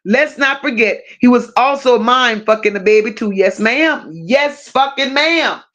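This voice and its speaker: A woman with a high-set voice hosts a casual livestream, talking slowly and taking her time. She reads chat comments aloud and answers them with profane, teasing jokes. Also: animated, fairly bright tone. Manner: profane, teasing, laughing banter. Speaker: livestream host.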